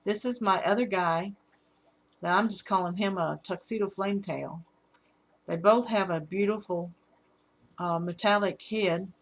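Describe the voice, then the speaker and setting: A middle-aged woman with a Southern accent, hosting a casual live stream about her fish, halting often with fillers. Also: fairly low pitch. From Alabama. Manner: rambling, halting with fillers, reads out chat comments.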